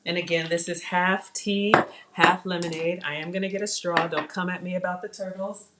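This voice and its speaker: A woman chatting to viewers in a live cooking demonstration, excitable and talking straight to them. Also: lowish voice, moderate pace, very noisy. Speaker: cooking vlogger. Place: home kitchen.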